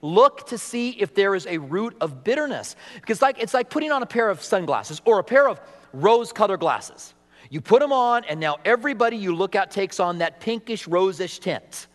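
A middle-aged man preaching a sermon in a church sanctuary, with a rather high voice for a man. His delivery is animated, and he acts out the people he quotes. The sound carries a long hall reverb. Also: moderate pace. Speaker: pastor.

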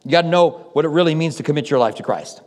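A pastor with a fairly high, darkish voice preaches a sermon, speaking fast and expressively. He tells stories conversationally and acts out what people said, and hall reverb colors the recording.

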